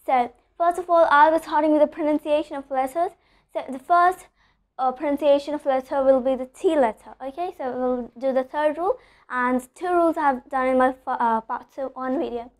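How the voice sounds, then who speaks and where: High-voiced woman teaching pronunciation. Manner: explanatory, repeats with "okay?", slows down for example sentences. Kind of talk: online English lesson.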